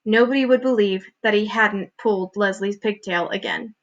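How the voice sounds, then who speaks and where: A woman teacher narrating a children's book aloud with clear, expressive reading. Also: medium pitch, moderate pace, muffled recording. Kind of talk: storybook read-aloud narration.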